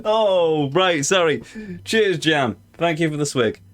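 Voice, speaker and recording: A man's voice: fairly high pitch, expressive, measured pace, fairly bright tone. A man hosting a let's play, talking through the game in a playful, gushing way. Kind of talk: casual gameplay commentary.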